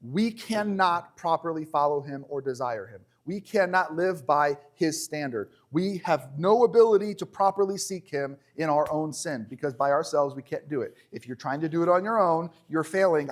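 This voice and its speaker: A man preaching a conversational sermon in a church, animated and joking, slowing down when he reads scripture. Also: fairly high pitch.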